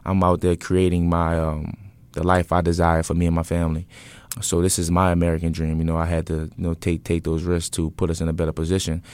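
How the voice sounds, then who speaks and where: A man's voice: deep voice, brisk, clean tone, no echo. A young man, talking casually as an interview guest and telling his story with lots of fillers. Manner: relaxed, rambling storytelling with many fillers. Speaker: interview guest, event business owner.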